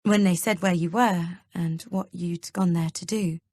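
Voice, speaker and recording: Worried young husband, hesitant and gentle, read by a woman narrator; low, dry recording. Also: moderate pace, no room sound, lightly acted. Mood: earnest. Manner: soft, hesitant pleading. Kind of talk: audiobook character reading.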